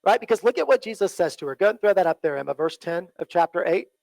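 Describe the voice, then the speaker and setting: High-voiced earnest male preacher, dry sound. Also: lively intonation, quick pace, vocal fry, darkish tone, dry recording, low-quality recording. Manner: earnest, repeats phrases, asks "right?" often. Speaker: pastor. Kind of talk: sermon. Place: church.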